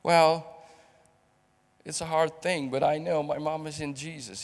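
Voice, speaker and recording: Man from the Netherlands, middle-aged, preaching, halting and repetitive, slow unhurried delivery, long hall reverb. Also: fairly high pitch, gravelly. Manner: halting, repeats words, emotional testimony. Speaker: guest preacher. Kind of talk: sermon.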